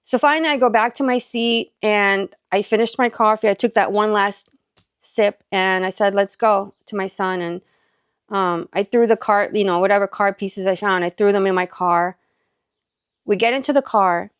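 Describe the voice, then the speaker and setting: A Southern California mother who vlogs about faith and encouragement tells a personal story casually, full of "likes" and quoted back-and-forth. Her voice is medium in pitch, clear and resonant, at a moderate pace, in a dry recording.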